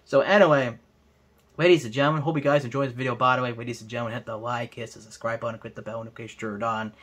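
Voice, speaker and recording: Very fast and steady in tone, this young man's medium-pitched voice comes across fairly bright. He's hosting a racing game let's play, chatting to viewers while repeating his frustration as he races.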